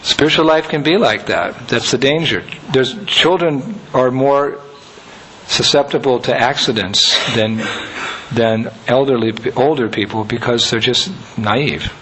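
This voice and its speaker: A man giving a conversational sermon as a spiritual teacher, telling anecdotes with soft laughs. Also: mid-range voice, measured pace, a little hiss or hum, low-quality recording.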